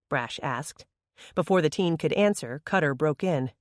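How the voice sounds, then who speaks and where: A narrator reading an audiobook in an even, measured voice on a close studio mic. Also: mid-range voice, no room sound. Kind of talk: scripted narration.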